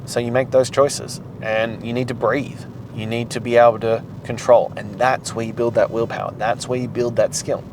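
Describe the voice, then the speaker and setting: A man of middle pitch delivers a motivational podcast monologue in an intense, profane, emphatic manner. He drives his points home with repetition and blunt language. A faint hum sits behind the voice. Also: little pitch movement, normal speed. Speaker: podcast host.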